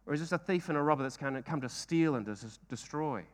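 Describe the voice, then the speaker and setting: Guy preaching a sermon, fairly high voice, earnest, keeps asking the room questions. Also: lively intonation, fast talker. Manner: earnest, rhetorical questions, repeats phrases.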